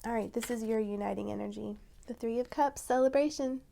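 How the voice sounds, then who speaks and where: A woman giving a tarot reading to her viewers, talking in an encouraging, softly emphatic way and breaking into excited exclamations. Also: a little high, a little fast, gravelly. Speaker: tarot reader.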